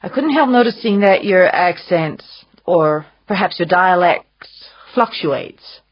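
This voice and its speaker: Female narrator reads a worldly, condescending man who drawls his lines; low and husky. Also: animated, takes it slowly, lo-fi sound. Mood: drawling. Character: amused, urbane older man, teasing and worldly.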